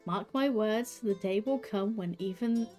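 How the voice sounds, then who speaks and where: A woman voicing a proud young male elf scholar, with measured, formal speech. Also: mid-range voice, darkish tone, soft background music, close to an everyday voice. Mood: prim.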